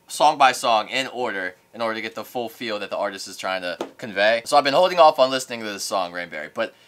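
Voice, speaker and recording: A young man hosting radio, giving an excitable casual reaction to an album in a studio as he rates each track. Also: mid-range voice. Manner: excitable, rates tracks in flames, laughs often. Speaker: radio host reviewing an album. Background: music playing.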